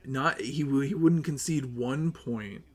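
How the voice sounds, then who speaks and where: A man streaming live, ranting with lots of swearing, upset and close to tears, swinging between loud outbursts and low mutters. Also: slow pace. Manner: profane, agitated, swings between yelling and muttering. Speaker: livestreamer.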